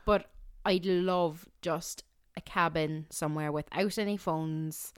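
A woman's voice: on the low side, fairly even intonation, takes it slowly, clear, resonant tone, dry recording, studio quality. An Irish woman co-hosting a podcast, chatty and giggly, telling stories in casual conversation. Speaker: podcast co-host. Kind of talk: casual chat.

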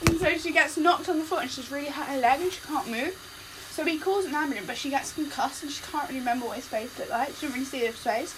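High-voiced young woman rambling. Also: fast. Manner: rambling, lots of "like" and restarts. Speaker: podcast co-host. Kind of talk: casual storytelling chat. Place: home kitchen, cooking. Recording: kitchen noise, frying sizzle.

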